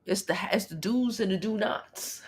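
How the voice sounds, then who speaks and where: A woman in her thirties, from Brooklyn, hosting a casual livestream chat in a blunt, profane, animated way. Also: mid-range voice, normal speed. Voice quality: gravelly, husky. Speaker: livestream host.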